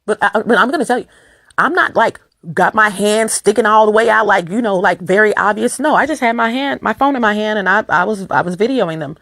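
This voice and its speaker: A woman vlogging to her viewers in a casual, rambling monologue, emphatic and repeating words in quick bursts, with her voice going lower and rough. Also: fairly bright tone.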